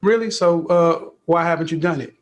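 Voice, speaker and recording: A man's voice: a little high, moderate pace. Blunt, scolding male advice host. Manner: blunt, scolding, rhetorical questions. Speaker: dating advice show host. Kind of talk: confrontational advice talk.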